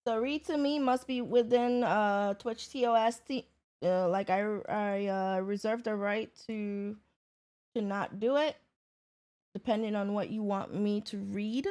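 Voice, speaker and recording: A woman hosting a livestream, chatting casually and greeting viewers by name. She takes her time with her words and keeps a relaxed, unhurried flow. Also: medium pitch.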